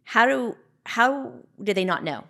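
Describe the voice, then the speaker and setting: A woman's voice: fairly high pitch, lively intonation, unhurried, a bit bright. A woman hosting a podcast, asking questions in a casual, conversational way with lots of "like" and "I mean". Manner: conversational, many "like" and "I mean" fillers. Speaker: podcast host. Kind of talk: casual interview chat.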